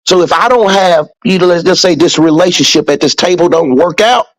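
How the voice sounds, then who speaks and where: A man's voice: high voice, fairly quick, dry recording, poor audio. Profane, emphatic male podcast host. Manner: profane, preachy, emphatic with repetition. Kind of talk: casual motivational podcast talk.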